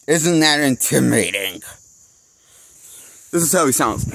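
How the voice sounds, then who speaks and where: A man's voice: mid-range voice, lively intonation, slow, vocal fry, pauses often, a bit bright. A man giving a casual spoken film review, rambling and losing his train of thought while laughing at his own jokes. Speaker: movie critic.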